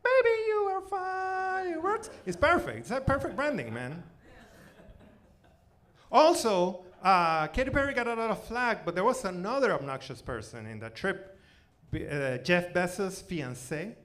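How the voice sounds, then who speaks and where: A man in his forties from Venezuela with a Spanish accent, performing a self-mocking stand-up set on a theater stage, loud one moment and muttering the next. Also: high-pitched, unhurried. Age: 40s. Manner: animated, self-mocking, swings between loud outbursts and mutters. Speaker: stand-up comedian.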